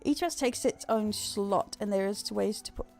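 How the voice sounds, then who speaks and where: A woman's voice: medium pitch, moderate pace, vocal fry, a little mellow, faint music behind. An Australian woman giving casual, joking live-stream commentary while she plays a game, laughing often.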